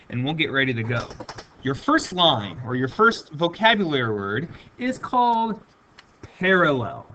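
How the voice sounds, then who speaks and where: Lively, bright-voiced male math teacher. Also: fairly high pitch. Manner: emphatic, repeats key words for students. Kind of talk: recorded video lesson.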